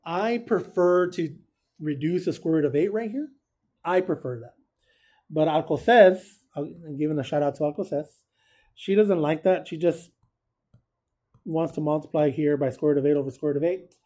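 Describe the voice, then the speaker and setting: A man's voice: a little high, moderate pace, warm tone. A man teaching a casual recorded math lesson, chatty and joking, who keeps quizzing his students.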